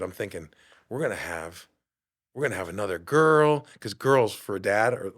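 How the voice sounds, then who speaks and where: Brisk and on the low side, this voice belongs to a fitness coach and podcast host in his fifties, who animatedly delivers a motivational talk and acts out quoted voices along the way.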